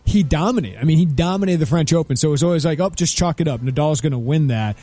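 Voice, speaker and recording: A man co-hosting a casual sports talk show, brisk and opinionated, laughing easily at his partner's jokes. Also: a little high, animated, mellow, no echo.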